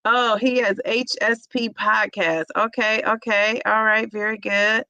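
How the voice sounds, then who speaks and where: On her casual livestream, a middle-aged woman who vlogs about weight loss chats warmly, calling out viewers by name while reading their comments. She speaks at a measured pace in a steady, medium-pitched, pushed and bright voice, and the sound is lo-fi.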